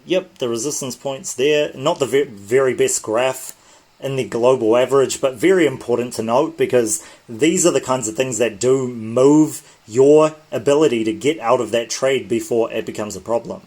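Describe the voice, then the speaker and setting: A man of middling pitch hosts a casual livestream, walking viewers through trading charts. He sounds tired and talks loosely, often stopping to correct himself. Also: moderate pace, darkish tone. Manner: chatty, loose, with frequent self-corrections. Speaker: crypto trading channel host.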